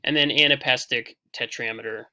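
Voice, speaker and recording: A man giving a recorded poetry lecture over slides, explaining in a relaxed way with frequent fillers and restarts. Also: medium pitch, fairly quick. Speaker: teacher.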